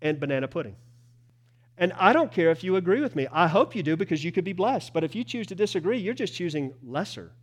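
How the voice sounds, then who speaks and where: A male pastor, preaching a sermon in a church with emphatic swings between loud declarations and hushed lines. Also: sits high, very animated, fast. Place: church sanctuary.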